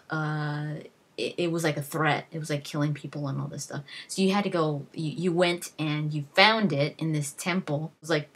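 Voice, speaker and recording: A woman's voice: low-pitched, husky. A young woman vlogger casually retelling game moments, rambling with many fillers and restarts and acting out what characters said. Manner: rambling, lots of fillers and restarts, acts out quotes. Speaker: gaming vlogger. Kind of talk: casual storytelling.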